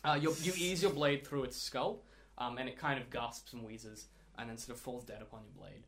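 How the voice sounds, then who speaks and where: A man's voice: medium pitch, fairly even intonation, moderate pace, vocal fry, fairly bright tone. A man narrating a tabletop game as game master, describing the scene in detail and often laughing as he goes.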